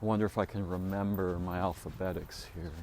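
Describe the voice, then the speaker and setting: In this solo recording, a man speculates and rambles, often trailing into filler words and restarts, and his pitch leaps up on emphasized points. He keeps a steady tone at a fairly quick pace over a noisy background.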